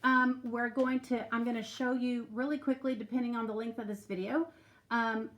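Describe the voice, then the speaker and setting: A woman's voice: fairly high pitch, fairly even intonation, normal speed. A woman teacher leading a remote phonics lesson for young children, patiently prompting and stretching out sounds.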